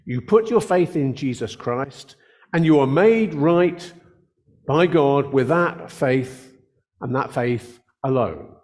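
Older man, pastor, earnest sermon delivery, slows to stress key words. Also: medium pitch, lively intonation, a little mellow.

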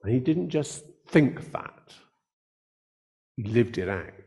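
An older male pastor preaching an earnest sermon from the pulpit. He speaks at an easy, conversational pace and slows down deliberately to lean on the words that matter. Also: mid-range voice, lively intonation, darkish tone.

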